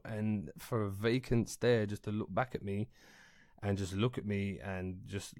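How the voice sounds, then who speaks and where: Young male podcast host, low voice, dry sound, rambling and candid. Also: steady tone, normal speed, no room sound. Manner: rambling, sweary, heartfelt. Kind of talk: casual podcast chat.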